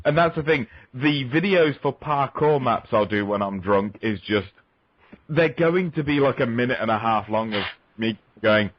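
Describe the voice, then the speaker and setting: A man's voice: medium pitch, animated, normal speed, no room sound. A man rambling crudely as a guest on a call-in talk show. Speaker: guest caller. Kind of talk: crude comedic call-in chat. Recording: lo-fi call-in audio.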